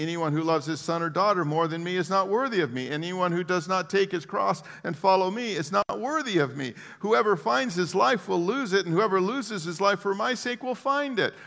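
A pastor delivers a sermon in a loose, conversational way. He is animated and often restarts his sentences, and his voice rings out in a church sanctuary with a long, lingering echo. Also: high-pitched, gravelly.

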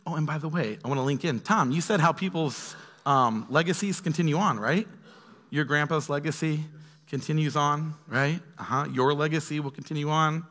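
Animated man teaching in a reverberant hall. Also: a little high. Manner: conversational, animated, acts out quoted voices. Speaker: pastor. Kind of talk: casual Bible study teaching.

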